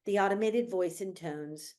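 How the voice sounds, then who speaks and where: A woman reading stage directions aloud in a measured, descriptive way at a virtual table read. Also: on the low side, darkish tone. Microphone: video call.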